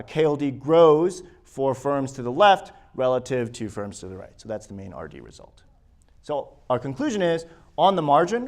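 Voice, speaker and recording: A man giving an academic research presentation at a conference. He walks listeners through his slides and often restarts his sentences. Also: medium pitch. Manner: hesitant, with frequent restarts and fillers. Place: conference session room.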